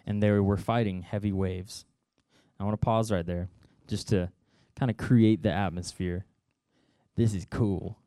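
A man's voice: on the low side, dark tone, clear, resonant tone, no room sound, clean studio sound. A man telling a Bible story to kids in a playful, joking way, adding sound effects and asides.

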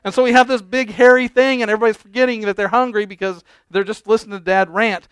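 A man's voice: high voice, fairly even intonation, fast talker, fairly bright tone, clear, resonant tone, no echo. A middle-aged man preaching, telling an exasperated family story and acting out the dialogue. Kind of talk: sermon illustration storytelling.

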